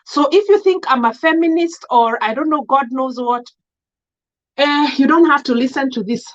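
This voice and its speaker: Kenyan woman on a live stream, highish voice, outspoken, mixing english and swahili, kinda lo-fi webcam sound. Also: normal speed. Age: adult. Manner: switches between English and Swahili, greets viewers by name, emphatic and outspoken. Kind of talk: casual live-stream monologue.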